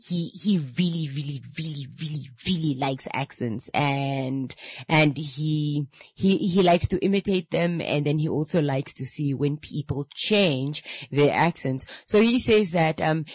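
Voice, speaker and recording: A young woman talks in a loose, animated monologue. Her voice sits fairly low, and she circles back over her words as she goes. The sound is dry and close, with no room around it. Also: no room sound. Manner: animated, repeats and restarts, laughs readily. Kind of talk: casual monologue.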